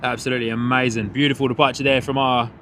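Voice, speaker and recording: Bright-toned excited plane-spotting host man. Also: medium pitch, fast, a little hiss or hum. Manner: excited, calls out each departure and greets viewers. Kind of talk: live commentary. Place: hotel third floor overlooking an airport runway.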